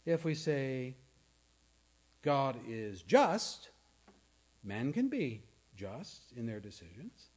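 Slow-spoken male pastor preaching. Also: mid-range voice, sing-song, darkish tone. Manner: earnest, questioning the congregation, dropping to a near-whisper for emphasis. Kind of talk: sermon.

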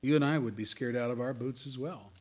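A man preaching a sermon, swinging between loud dramatic scripture reading and hushed asides. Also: mid-range voice, brisk, husky. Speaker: pastor. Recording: audio of a sermon.

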